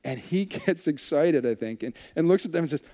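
A man preaching a sermon, telling a scripture story with animated retellings and hushed asides. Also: fairly high pitch, fairly quick, big-room sound. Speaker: pastor.

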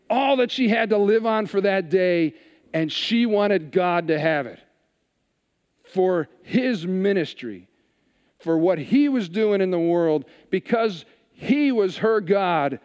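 A man delivers a sermon in a church hall, and his voice rings with long reverb. He sits a little high for a man and retells a scripture story with lively acted-out lines and quiet asides. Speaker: pastor.

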